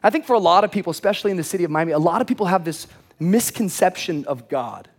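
A high-pitched young man preaching in a big church. He swings from quiet asides to animated storytelling and bursts of shouting. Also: fast. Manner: lively, animated, acts out shouted quotes. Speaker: pastor. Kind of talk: energetic sermon with storytelling. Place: large church auditorium.

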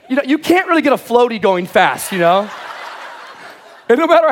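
A young man preaching a lively sermon to a church crowd, telling a funny story and acting out shouted lines. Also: very high-pitched, fairly quick, pauses often, a little hiss or hum. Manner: lively, animated, acts out shouted quotes. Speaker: pastor. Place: large church auditorium.

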